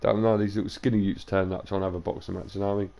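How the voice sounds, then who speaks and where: A young man with a low, gravelly voice rambles casually to his live stream audience. He is tired and talks loose and sweary between bits of gameplay. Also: level tone, very fast, dark tone. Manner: loose, sweary banter to chat, drifting into sing-song and whispers. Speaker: game streamer.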